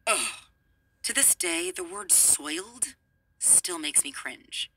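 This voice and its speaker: A woman reading a memoir aloud in an expressive way, adding amused asides. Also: on the low side, slow pace, slightly rough, no echo, low-quality recording. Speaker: reader.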